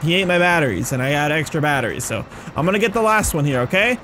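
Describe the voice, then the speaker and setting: A man giving excitable let's-play commentary, mocking enemies and yelping and screaming when chased. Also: fairly high pitch, fast, a little hiss or hum. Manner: playful, mocks the enemies. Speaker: gaming commentator.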